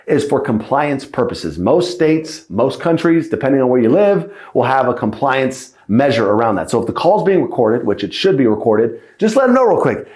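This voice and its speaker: A man teaching sales calls in a podcast lesson. He coaches in a lively way, checks in often with "right?" and "okay?", and acts out sample lines. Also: medium pitch, normal speed, echoey room. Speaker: sales trainer.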